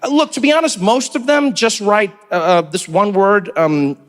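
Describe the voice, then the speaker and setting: A South African man doing stand-up, his voice sitting high. He tells stories with lively energy and slips into other people's voices along the way. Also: normal speed. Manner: animated storytelling, acts out other people's voices. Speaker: stand-up comedian. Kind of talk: stand-up comedy.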